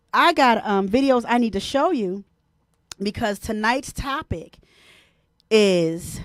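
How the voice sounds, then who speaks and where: A woman hosting a casual live stream, animated and laughing often, greeting viewers by name. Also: high voice, dry recording, clean studio sound. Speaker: host.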